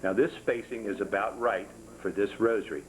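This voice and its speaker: Over a rough recording with slight background noise, an older rosary-making instructor talks briskly in a fairly low voice. Demonstrating the craft to a small class, he jokes folksily, repeats himself, and counts the steps out loud.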